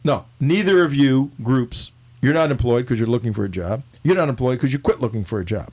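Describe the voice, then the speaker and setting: A man hosting a casual political talk show, joking and animated. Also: mid-range voice, a little fast. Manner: joking, animated, talks over co-host.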